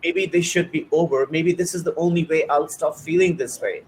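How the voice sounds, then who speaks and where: A man hosts a heartfelt conversation in a voice pitched a little high. He speaks earnestly in short, searching phrases as he shares his own experience, with faint ambient noise behind him. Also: fairly even intonation, normal speed, low-quality recording. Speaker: host. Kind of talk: personal testimony in conversation.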